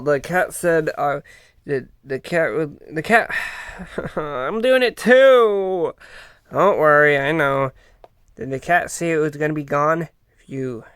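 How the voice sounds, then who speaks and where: A man's voice: on the high side, fairly bright tone, no room sound, studio quality. A man performing a casual comedy skit, stammering and bickering in an exasperated way. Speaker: comedy video creator voicing several characters.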